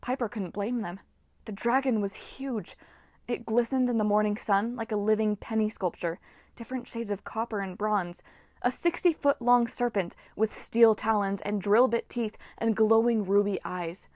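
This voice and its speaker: A woman reading a novel aloud as narrator, in a lively, expressive way. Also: mid-range voice, moderate pace, no echo, clean studio sound. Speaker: audiobook reader. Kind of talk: storybook narration.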